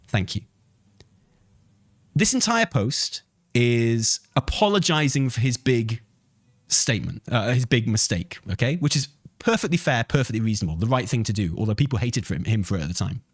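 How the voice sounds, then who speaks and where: Reading a post aloud on a live stream, a man argues with his chat in a heated, profane way, his commentary swinging into shouting. His medium-pitched voice is very animated and brisk, captured in a dry, studio-quality recording.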